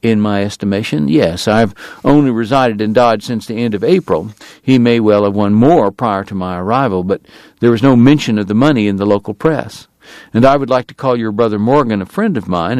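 A man voicing a formal, long-winded gentleman dentist and gambler with a Southern drawl, verbose and precise. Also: medium pitch, no echo, lightly acted. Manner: verbose, precise and courtly, prickly about his honor.

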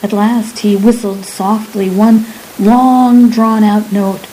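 Mellow-voiced woman narrating a story. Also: medium pitch, steady tone, slow, a little hiss or hum, rough recording. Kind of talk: audiobook narration.

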